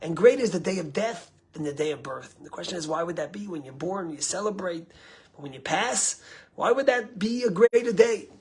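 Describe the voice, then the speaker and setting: A man's voice: sits high, lively intonation, brisk, slightly rough. A male rabbi giving a storytelling sermon. He rises for emphasis and trails off to near-whispers at the ends of phrases.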